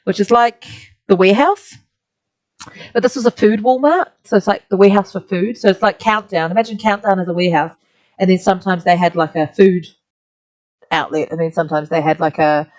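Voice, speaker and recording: A woman's voice: medium pitch, fairly quick, a little mellow, lo-fi sound. A woman with a New Zealand accent, an art teacher chatting through a rambling story while she colours a drawing. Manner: chatty, rambling, many "like" fillers.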